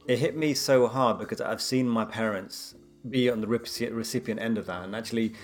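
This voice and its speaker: Fast-talking man in conversation. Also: lowish voice, faint music behind. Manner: fast, animated storytelling with many fillers. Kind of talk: casual conversation.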